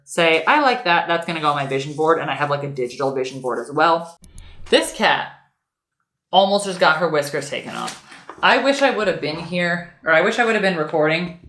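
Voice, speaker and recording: A young woman talks her way through a home craft project in a loose, chatty, easily distracted way. Her voice sits a little low, and the room around her rings with echo, as if caught on a camera mic. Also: fairly bright tone. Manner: rambling, easily sidetracked, talks to her cat in a high baby voice. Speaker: lifestyle vlogger. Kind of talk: casual chatty craft tutorial.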